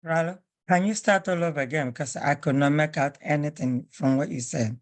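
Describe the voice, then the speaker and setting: A firm, corrective teacher whose first language is Igbo runs an online class over a video call, pitched in a mid register. The teacher sounds out words slowly, letter by letter, and repeats corrections with little patience for delays. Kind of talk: online class, spelling drill.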